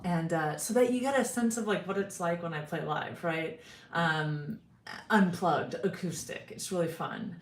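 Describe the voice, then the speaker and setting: A woman's voice: lowish voice, fairly bright tone. Casting note: a chatty woman vlogger, rambling and friendly with her viewers, in a roomy space. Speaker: singer and YouTuber hosting a livestream. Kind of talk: casual livestream chat.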